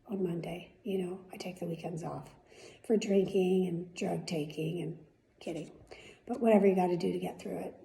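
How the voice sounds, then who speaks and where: A woman's voice: medium pitch, gravelly, warm tone, roomy sound, low-quality recording. A middle-aged woman hosting her daily vlog, talking frankly and heatedly, swearing freely and admitting she is worked up. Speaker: vlogger, daily show host. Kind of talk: candid talking-head rant.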